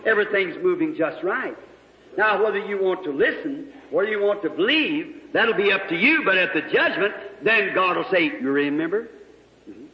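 High-voiced fervent preacher man, echoey hall. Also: expressive, moderate pace. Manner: fervent, swings between loud shouts and hushed lows. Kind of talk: revival sermon. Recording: echoey hall, lo-fi old tape.

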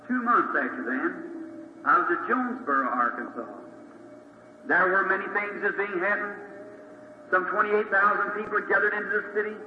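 A man's voice: high-pitched, moderate pace. A man preaching, telling a dramatic story in plain folksy speech and acting out the voices of the people in it. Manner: dramatic storyteller, folksy grammar, acts out quotes. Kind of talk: sermon testimony storytelling. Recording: echoey, dull lo-fi hall recording with faint hiss.

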